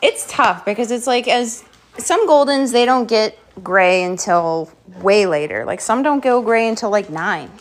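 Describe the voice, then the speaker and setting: A woman hosting a home live stream, playfully giving her dogs quick commands and thanking viewers, a bit out of breath. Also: on the high side, animated. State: slightly out of breath. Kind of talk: live stream chat while training dogs.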